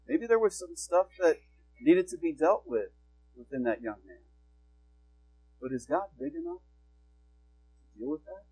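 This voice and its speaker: Earnest preacher with a higher voice. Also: male voice, animated, unhurried, pauses often, mellow, faint music behind, rough recording. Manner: earnest, exhorting, rhetorical questions. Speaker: pastor. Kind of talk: sermon.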